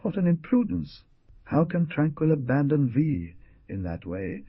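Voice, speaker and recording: A man's voice: a little high, sing-song, a little slow, slightly rough, no room sound, voice pushed up, heavily acted. A man voicing a brooding, stern young frontier hero who gives commands. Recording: dull dry lo-fi recording.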